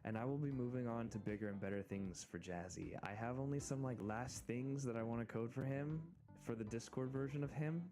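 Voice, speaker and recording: An American man streaming, chatting casually and excitedly in rambling asides. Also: medium pitch, a little fast, hardly any pauses, soft background music. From United States. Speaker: VTuber streamer. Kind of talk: casual live-stream chat.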